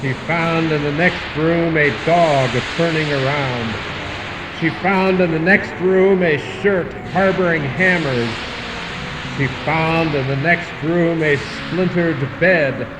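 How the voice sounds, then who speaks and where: A man giving a slow, deliberate poetry reading, chanting repeated lines. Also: on the high side, fairly even intonation, echoey room, far from the mic, background noise. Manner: slow, deliberate incantatory repetition. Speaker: poet.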